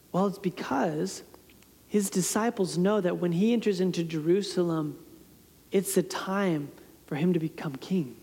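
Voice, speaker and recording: A woman preacher telling a scripture story in a sermon, with dramatic shifts between loud and hushed delivery. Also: mid-range voice. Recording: long reverb in a large hall.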